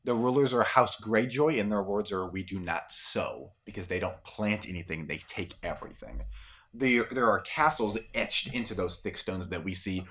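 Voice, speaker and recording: Low-voiced man, game master, casual, rambling, filler words. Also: normal speed, fairly bright tone. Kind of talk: narrating a tabletop game.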